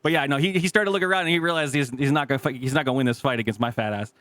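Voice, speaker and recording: Casual male podcast host, mid-pitched voice, vivid cursing storyteller, dry booth. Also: rapid-fire, dry recording. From California. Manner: animated, profane, acts out quoted people.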